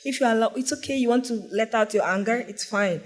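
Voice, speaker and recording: High-voiced man speaking earnestly. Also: fast. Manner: earnest, hesitant, with fillers. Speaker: panelist, teacher. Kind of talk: panel discussion.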